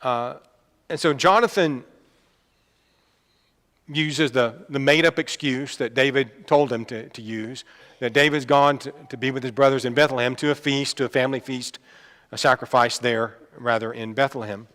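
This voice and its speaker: A man's voice: medium pitch, steady tone, moderate pace, a bit bright. Man preaching in an echoing hall. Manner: conversational, with fillers and asides. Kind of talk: sermon. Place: church hall. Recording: long reverb of a church hall.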